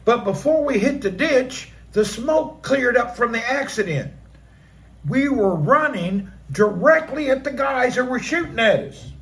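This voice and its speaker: A middle-aged man on his live stream, telling a personal story with animated energy and acting out the action with vocal sound effects. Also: extremely high pitch, unhurried.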